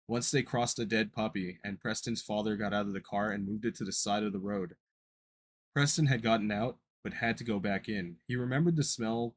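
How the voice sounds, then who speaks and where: Husky man stumbling through a horror read. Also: fairly low pitch. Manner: stumbling, self-correcting reading. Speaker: podcast co-host reading a creepypasta. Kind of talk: casual read-aloud horror story.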